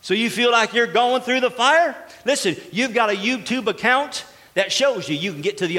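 A man preaching a sermon as pastor to his church, animated and exclaiming, acting out little dialogues. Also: very high voice, moderate pace, hardly any pauses, in a large hall. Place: church sanctuary.

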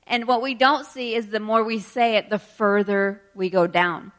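A woman preaching a sermon, reading scripture verses slowly and with emphasis, then explaining them in quicker asides and laughing between points. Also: medium pitch, fairly even intonation.

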